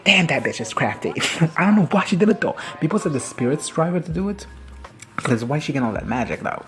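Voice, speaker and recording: A man's voice: a little high, expressive, a little fast. A man giving a casual, foul-mouthed recap of a TV episode, laughing often and acting out the characters. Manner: crude, swears freely, laughs often, acts out characters. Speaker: reaction vlogger.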